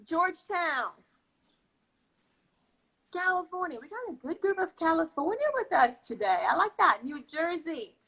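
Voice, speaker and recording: Woman, high voice, bright and sharp, effusive live-stream host, video call. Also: expressive, unhurried, pauses often, low-quality recording. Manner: effusive, reads out viewer comments. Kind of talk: casual live-stream chat.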